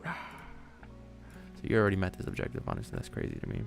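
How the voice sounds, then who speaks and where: A man hosts a live stream in a casual, rambling way, joking and thinking aloud as he works. His voice sits fairly low with a gravelly edge. Faint music plays quietly behind him. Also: huge pitch swings, quick pace, pauses often. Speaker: livestream trading host.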